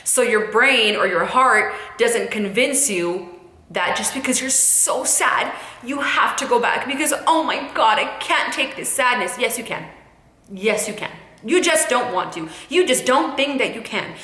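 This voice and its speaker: Bright-voiced young woman giving blunt advice. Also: on the high side, expressive, moderate pace, echoey room. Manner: candid, emphatic, direct, repeats phrases for emphasis. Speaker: YouTuber giving breakup advice. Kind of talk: casual advice monologue to camera.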